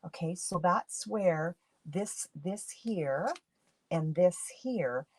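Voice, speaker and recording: A woman's voice: fairly low pitch, expressive, very slow, slightly rough, dry recording. A woman from Canada, a papercraft demonstrator, talking through a casual craft tutorial in a groggy morning voice, chatty with many fillers and restarts.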